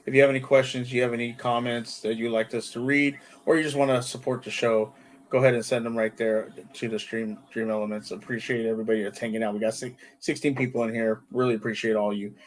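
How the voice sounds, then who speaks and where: A man's voice: mid-range voice, level tone, fast talker. Laid-back male sports podcast host. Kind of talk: casual sports podcast chat.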